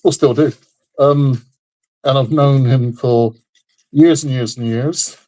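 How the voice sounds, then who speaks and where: A man livestreams a model kit build, keeping the chat casual and frank while rambling and repeating himself, worn down and under the weather. He talks slowly in a medium-pitched, darkish voice with fairly even intonation.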